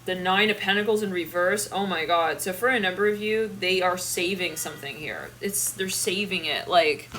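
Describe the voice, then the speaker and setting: Bright-voiced woman giving a tarot reading. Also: on the low side, normal speed, few pauses, a little hiss or hum. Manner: animated, laughing, swearing, thinking aloud. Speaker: tarot reader.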